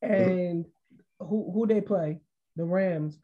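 A man's voice: high-pitched, slow pace, phone-quality sound. A man co-hosting a casual sports podcast, building his case step by step with examples. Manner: argues by walking through examples. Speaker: podcast co-host.

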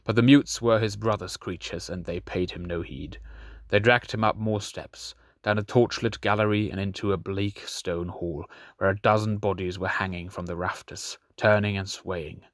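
Man reading an audiobook, steady and measured, low voice, dry close sound. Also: no echo. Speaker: narrator. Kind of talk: audiobook narration.

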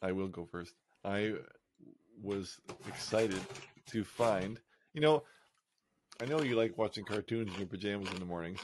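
A man co-hosting a casual podcast, chatty and animated, telling stories with bursts of excitement. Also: lowish voice, normal speed, slight background noise. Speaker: podcast co-host. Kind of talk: casual chat.

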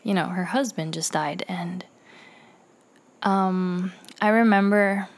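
A woman's voice: lowish voice, slow pace, long pauses. A woman who works at a dialysis clinic, telling personal stories in a rambling way, with many fillers and restarts. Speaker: dialysis clinic staff member. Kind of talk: casual personal storytelling.

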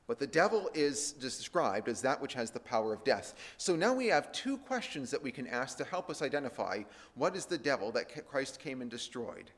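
A man teaching a Bible sermon, slowing and raising his voice when he reads scripture aloud. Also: medium pitch, sing-song, a bit bright. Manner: slows and lifts his voice to read scripture aloud. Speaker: preacher. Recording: long hall reverb.

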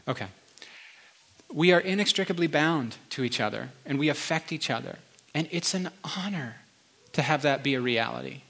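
A man preaching to a church in an earnest, emotional style that stays conversational. His voice is bright and forceful, with a middle pitch for a man. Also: expressive, a little slow, vocal fry, long pauses. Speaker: pastor. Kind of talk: sermon.

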